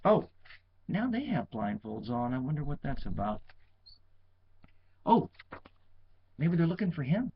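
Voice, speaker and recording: Male picture-book reader, slow, lively pitch, chatty asides; dull recording. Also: breathy edge. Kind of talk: reading a picture book aloud.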